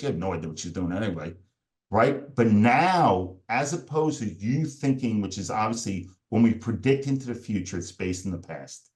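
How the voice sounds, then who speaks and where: This man, a performance coach being interviewed for a podcast, explains a method in steps and momentarily impersonates the angry inner voices from his story. His fairly low, darkish voice is animated and moves at a moderate pace.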